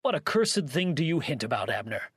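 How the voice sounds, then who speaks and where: Storybook rancher, gruff and cursing, raised and pushy, read by a male narrator. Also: fairly high pitch, sing-song, brisk, a bit bright, no echo, clean studio sound, voice pushed up, exaggerated voice. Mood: angry. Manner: blustering, cursing.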